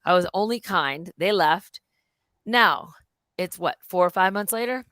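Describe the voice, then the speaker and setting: A middle-aged woman with a lowish voice tells a story on a live stream, energetic and blunt, swearing and acting out each exchange. The sound is dry and close. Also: measured pace, dry recording. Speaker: host. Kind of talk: casual live-stream chat.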